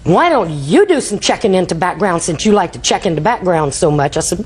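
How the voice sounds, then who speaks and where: A woman's voice: fairly low pitch, big pitch swings, a little fast, a little mellow, breathy edge, rough recording. An older woman testifying in a TV courtroom, telling a rambling story and acting out quoted dialogue. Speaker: litigant.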